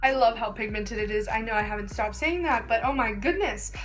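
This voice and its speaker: A woman's voice: on the high side, brisk, soft background music. A young woman chatting casually through a makeup tutorial, gushing and filling her talk with "like.". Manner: chatty, gushing, filler-heavy "like". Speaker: beauty vlogger.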